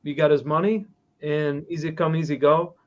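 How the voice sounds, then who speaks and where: Animated storyteller man, lo-fi sound. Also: fairly high pitch, moderate pace. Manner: animated storyteller, acts out quotes. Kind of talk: casual chat, storytelling.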